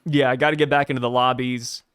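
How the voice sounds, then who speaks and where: A man's voice: medium pitch, level tone, fast, fairly bright tone, smooth, no echo, clean studio sound. A man hosting a casual podcast discussion, laid-back and jokey, poking fun at himself. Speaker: anime podcast host. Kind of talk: casual chat.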